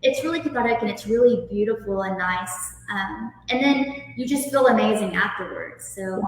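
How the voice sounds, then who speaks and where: A woman yoga instructor speaking calmly, gently guiding breathing and stretches. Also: mid-range voice, moderate pace, heavy reverb, long reverb tail, recorded from a distance, slight background noise, low-quality recording. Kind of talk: guest interview then guided yoga instruction.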